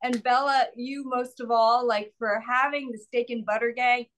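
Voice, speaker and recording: A woman guest in an interview, speaking earnestly and a little haltingly. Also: a little high, fairly even intonation, a bit bright, low-quality recording. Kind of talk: casual interview chat.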